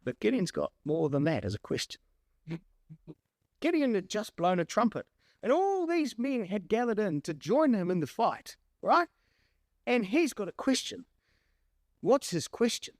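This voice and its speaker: A man's voice: high-pitched, big pitch swings, a little slow, long pauses, no room sound, studio quality. A man leading a Bible study, preaching emphatically and speaking directly to his congregation. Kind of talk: sermon.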